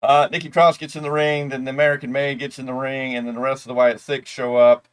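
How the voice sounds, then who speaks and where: A man talks through a wrestling episode at an easy middle pitch. His recap rambles and wanders into side remarks, the way friends chat about last night's show. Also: level tone, fast talker, clear, resonant tone. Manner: rambling, loose asides and mocking imitations. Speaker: wrestling show reviewer, co-host. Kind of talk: casual recap and commentary.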